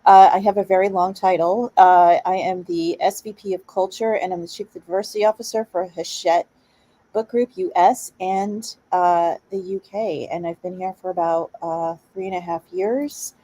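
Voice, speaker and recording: A woman's voice: lowish voice, fairly even intonation, normal speed, dark tone, poor audio. A woman panelist introducing herself on a video call, friendly and a little hesitant. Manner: friendly, slightly hesitant with fillers.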